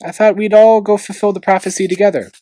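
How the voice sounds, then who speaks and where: A man reading aloud, voicing a small, soft-hearted female dragon who talks earnestly. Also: high-pitched, fairly even intonation, fast, no room sound, voice pushed up, close to an everyday voice.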